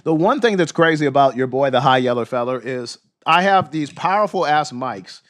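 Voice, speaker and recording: A man hosting a livestream who reads news aloud and reacts in a loud, fired-up, profane way, losing his voice. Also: medium pitch, lively intonation, normal speed. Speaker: livestream host. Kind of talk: livestream commentary and news reading.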